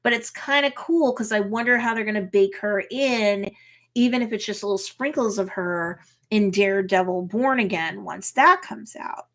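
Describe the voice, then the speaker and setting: Woman, attorney, casual episode recap, lively storyteller, chatty. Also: mid-range voice, normal speed. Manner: lively storyteller who acts out characters' lines; chatty, with frequent um and you know. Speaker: attorney reacting to a TV series.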